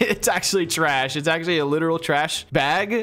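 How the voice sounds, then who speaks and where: A man's voice: a little high, moderate pace, a bit bright. A young man co-hosting a playful gaming chat, joking, laughing often and mangling names. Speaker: gaming channel co-host.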